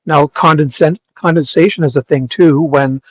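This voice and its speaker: A man co-hosting a casual chat, bantering in a dry, deadpan way. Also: a little high, moderate pace, husky, no echo, highs cut off.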